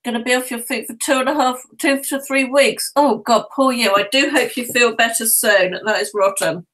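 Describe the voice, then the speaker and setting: A woman's voice: on the high side, normal speed, fairly bright tone, poor audio. A woman co-hosting a live stream from home, friendly, reading out viewers' names in casual chat.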